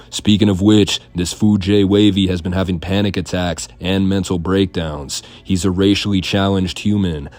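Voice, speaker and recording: A man hosting a commentary video, narrating in a mocking, deadpan voice-over. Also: deep voice, no room sound. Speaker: commentary channel host.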